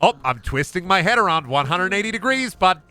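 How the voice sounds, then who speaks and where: A man's voice: high voice, expressive, brisk, sharp tone, pitched above the performer's own voice. A man doing a chipper Minnesotan possessed man. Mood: folksy. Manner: relentlessly pleasant, says bud constantly.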